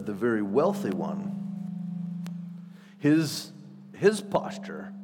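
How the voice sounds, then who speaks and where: Man, sermon, conversational and animated, middle pitch, echoing hall. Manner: conversational, animated, acts out quotes with shifts in loudness. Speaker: pastor.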